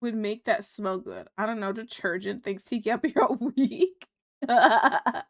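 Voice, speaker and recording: A woman's voice: medium pitch, measured pace, dry recording. Giggly streamer woman chatting with viewers. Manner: rambling, giggly, many fillers. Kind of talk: casual chat reading viewer comments.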